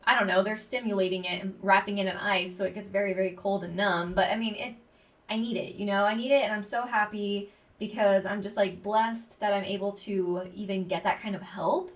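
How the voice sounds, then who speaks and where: A woman's voice: mid-range voice, fairly even intonation, brisk, distant mic. A young woman, hosting a casual solo podcast in a bubbly, gushing way, full of fillers. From Texas. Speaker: podcast host.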